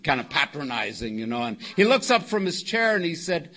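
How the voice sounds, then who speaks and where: A man's voice: on the high side, brisk. An older man from California speaking at a recovery meeting, telling a long wry story and quoting people as he goes. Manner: wry anecdotal storytelling, quotes others in lively voices. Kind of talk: storytelling talk to a live meeting. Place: meeting hall before an audience.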